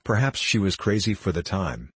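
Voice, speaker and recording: A man reading an audiobook, voicing a patient mother who speaks in a measured, gently admonishing way. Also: low-pitched, sing-song, slightly rough, no echo, full character voice. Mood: grave.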